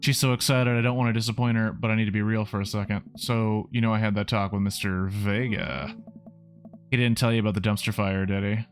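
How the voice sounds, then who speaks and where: A man's voice: lowish voice, level tone, fairly quick, soft background music. A man streaming a dating video game, reading the lines aloud in a casual way with wry asides. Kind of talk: let's play game reading.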